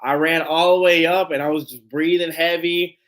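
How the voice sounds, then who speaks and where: A man hosting a live fan stream, telling a story in a casual, animated, rambling way, swearing freely and laughing as he goes. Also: fairly high pitch, normal speed. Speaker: sports fan show host.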